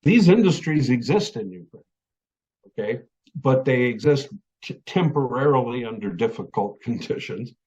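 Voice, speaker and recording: Halting man giving a webinar talk. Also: mid-range voice, expressive, mellow, highs cut off. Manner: halting, many fillers and restarts. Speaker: webinar speaker.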